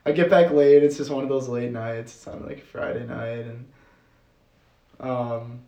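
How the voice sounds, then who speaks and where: A young man from Wisconsin telling a rambling, animated story as a podcast guest, with lots of fillers and laughter. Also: medium pitch, measured pace, muffled recording. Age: young adult. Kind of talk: casual storytelling. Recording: roomy sound from off the mic.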